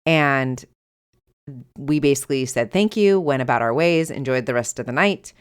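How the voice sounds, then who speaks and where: Low-voiced woman telling a personal story. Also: moderate pace, clear, resonant tone. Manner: animated, acts out quoted dialogue. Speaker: podcast host.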